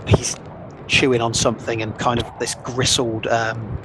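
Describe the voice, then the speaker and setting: A man narrates a tabletop role-playing session as game master in an easy, conversational way. His voice sits at a middle pitch, and clear background noise runs under the home recording. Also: a little slow. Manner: relaxed, conversational, with fillers. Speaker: dungeon master.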